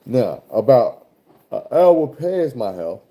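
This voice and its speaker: A man from Arkansas, a truck driver telling a road story in a loose, animated, heavily profane way. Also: medium pitch, slow pace, lo-fi sound. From Arkansas, USA. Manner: animated, profane, swears often.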